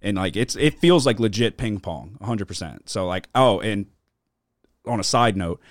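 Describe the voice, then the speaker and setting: A man hosting a podcast spins loose, rambling stories in casual chat, swearing heavily and using plenty of filler words. His fairly low voice has lively intonation at normal speed, captured in a dry, clean studio recording.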